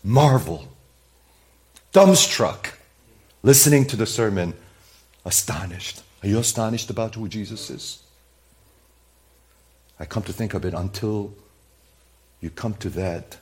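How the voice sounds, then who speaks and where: A pastor delivers a sermon in a somewhat low male voice. He moves from hushed, almost muttered asides to raised, emphatic declarations. He repeats single words for weight. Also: animated, measured pace, pauses often. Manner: dynamic swings between soft asides and loud emphatic bursts.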